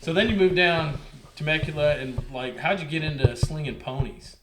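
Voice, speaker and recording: A man's voice: on the high side, a little fast, reverberant, rough recording. A man hosting a casual interview, asking short questions and laughing easily. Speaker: show host. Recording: loud crowd noise behind.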